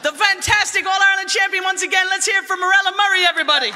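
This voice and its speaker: A man from the Bronx introducing musicians on stage, joking loudly with stumbles, in a live concert hall. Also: very high-pitched, rapid-fire, noisy background. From the Bronx, New York. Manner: joking, loud emcee patter with stumbles. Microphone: stage microphone. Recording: live hall with crowd and long reverb.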